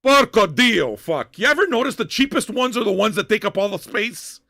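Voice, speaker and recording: An older man hosting a music-reaction livestream, ranting at chat viewers in loud, profane, half-shouted tirades. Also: high-pitched, expressive, normal speed, vocal fry, hardly any pauses.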